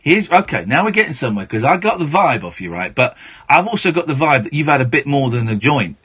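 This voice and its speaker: English male radio host, 40s, animated pitch, bright and a bit husky, stumbles and restarts sentences. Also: quick pace. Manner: chatty, stammering restarts, frank. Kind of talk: late-night call-in chat. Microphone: studio mic.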